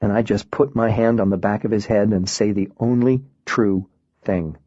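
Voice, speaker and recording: A man narrating an audiobook in a subdued, measured way. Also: fairly low pitch, steady tone, mellow, no echo, lo-fi sound.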